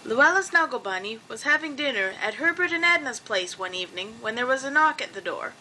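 Woman, storyteller, children's story reading, gentle, high, bright. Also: animated, brisk, a little hiss or hum, poor audio.

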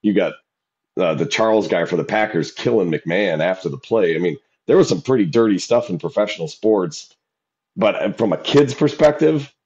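Male podcast co-host, lowish voice, animated storyteller, muffled lo-fi audio. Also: moderate pace. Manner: animated storytelling, acts out quoted shouting. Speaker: podcast co-host and youth football coach. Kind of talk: casual chat. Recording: dull lo-fi sound.

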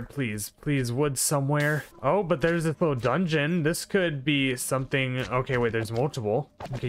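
A man giving live commentary over his own gameplay, excitable and full of exclamations and mild swearing. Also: on the high side. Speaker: gaming video creator.

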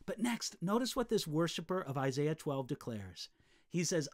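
Lively high-voiced male pastor. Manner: earnest, emphatic, slows down to stress key phrases. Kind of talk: devotional teaching.

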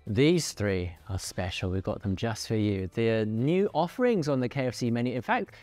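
A man's voice: mid-range voice, darkish tone, dry recording. A man casually presenting and reviewing food on camera, chatty and jokey with playful asides.

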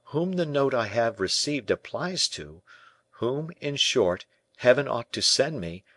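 A man's voice: mid-range voice, expressive, unhurried, a bit bright, dry recording, pitched above the performer's own voice. Young captive, raised pleading voice, despairing, read by a man for an audiobook. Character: anguished young male royal prisoner.

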